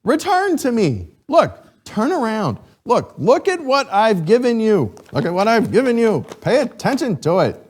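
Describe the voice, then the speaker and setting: A man teaching a Sunday school class, reading scripture and questioning his students in a lively, chuckling way. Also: sits high, normal speed, few pauses. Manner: animated, asks the class questions, chuckles often.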